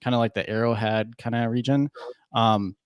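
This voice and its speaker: A man's voice: mid-range voice, steady tone, normal speed, clean tone, no echo, clean studio sound. Easygoing young man from Minnesota. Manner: easygoing, many filler words and restarts. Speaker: podcast guest. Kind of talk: casual chat.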